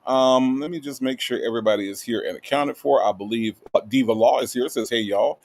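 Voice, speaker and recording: Male stream host, gravelly mid-range voice, laid-back, reads chat with drawn-out hellos. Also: mid-range voice, a little mellow. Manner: drawling, repeats greetings, playful asides. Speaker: livestream host. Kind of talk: casual livestream chat reading viewer comments.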